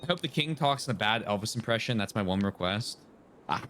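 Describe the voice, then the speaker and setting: Bright-voiced joking game streamer man. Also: on the low side, lively intonation, a little fast, slight background noise. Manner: joking, playful asides. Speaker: streamer playing a game live. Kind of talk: casual live gameplay commentary.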